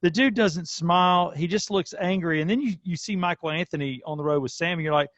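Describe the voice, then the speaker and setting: A man's voice: on the high side, a little fast, a bit bright, dry recording, lo-fi sound. A man hosting a podcast, chatting casually as a fan with offhand asides. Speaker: podcast host. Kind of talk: casual chat.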